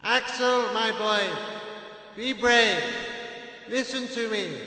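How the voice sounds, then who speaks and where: A man voicing an excitable older male scientist uncle, eager and exclaiming in a raised voice. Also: very high voice, takes it slowly, very echoey, long reverb tail, voice pushed up, heavily acted, poor audio. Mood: urgent.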